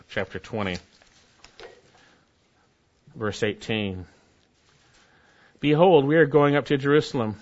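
A man preaching a sermon and teaching from scripture. He speaks emphatically, repeats key phrases, and swings from loud to soft. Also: medium pitch, muffled recording. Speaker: pastor. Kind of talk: expository sermon.

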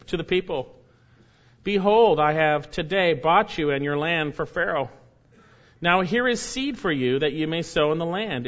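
A man preaching an expository sermon, reading scripture slowly and repeating key phrases for emphasis. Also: on the high side, a bit bright, muffled recording. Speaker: pastor.

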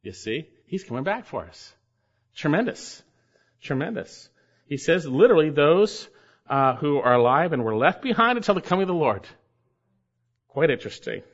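This pastor, a man with a slightly high, slightly rough voice, preaches an expository sermon verse by verse at normal speed. He is very animated and emphatic, repeating key phrases for stress, and the sermon recording is dull and lo-fi.

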